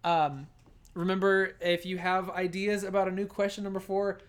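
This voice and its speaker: A woman's voice: medium pitch, level tone, moderate pace, smooth. A woman co-hosting a podcast in casual movie-review chat, laughing easily and playful. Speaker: podcast co-host.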